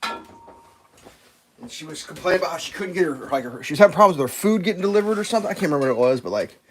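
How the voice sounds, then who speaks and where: A man's voice: fairly high pitch, expressive, quick pace. A man on a casual livestream, telling a rambling anecdote full of fillers and restarts. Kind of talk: casual storytelling chat.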